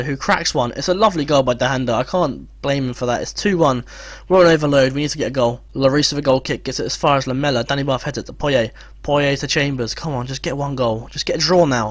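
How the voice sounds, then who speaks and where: A man's voice: medium pitch, no echo. A young man giving frustrated, swearing let's play commentary on a football game. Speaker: gamer.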